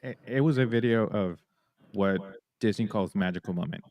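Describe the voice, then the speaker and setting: A man's voice: lowish voice, moderate pace, a little mellow. A man co-hosting a podcast, telling stories in a playful, teasing way. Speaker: podcast co-host. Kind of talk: casual podcast chat.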